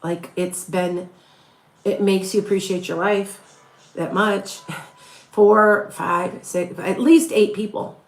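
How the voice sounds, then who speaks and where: A woman's voice: mid-range voice, steady tone, slow pace, roomy sound. A middle-aged woman from near Chicago with a slight Wisconsin accent, a psychic chatting casually and rambling through live readings for viewers. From northern Illinois, near Chicago. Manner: chatty, rambling, with frequent restarts and laughs. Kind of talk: casual live-stream chat answering viewer questions.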